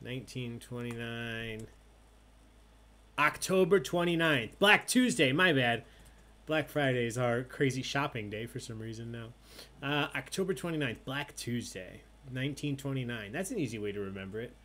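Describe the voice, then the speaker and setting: A man hosting an online trivia night, announcing questions and scores in a loud, playful way. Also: medium pitch, expressive, normal speed, slight background noise. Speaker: trivia host.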